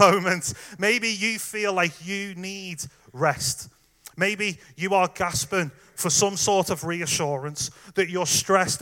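Bright-voiced man preaching a sermon. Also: sits high. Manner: conversational, warm direct address with fillers.

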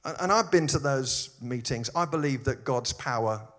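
A pastor preaching a sermon, telling stories with dry humorous asides. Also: male voice, mid-range voice, moderate pace. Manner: animated storytelling with humorous asides.

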